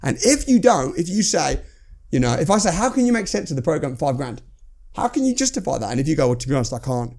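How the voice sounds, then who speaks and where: A man in a podcast studio, talking fast and bluntly about sales. His voice sits a bit high and swings widely in pitch, with a gravelly rasp at the edges. He acts out calls as he goes. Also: sing-song, a little mellow. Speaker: entrepreneur guest. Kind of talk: casual podcast conversation.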